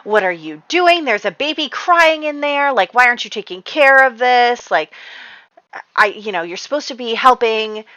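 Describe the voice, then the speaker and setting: A woman's voice: on the high side, lively intonation, moderate pace, bright, forceful tone, dry recording, lo-fi sound, pitched above the performer's own voice. Woman doing a bossy, scolding evil woman. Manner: nagging, exasperated.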